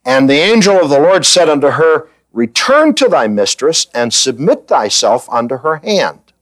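A man's voice: on the high side, big pitch swings, moderate pace, a bit bright, dry recording, voice pushed up, rough recording. A man reading as a solemn divine angel. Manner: solemn, archaic declaiming. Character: solemn divine angel speaking in old scripture words.

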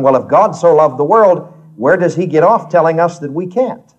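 Man leading a Bible study, earnest and emphatic, folksy, slightly raised pitch, muffled lo-fi recording. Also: animated, normal speed, husky. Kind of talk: Bible class teaching.

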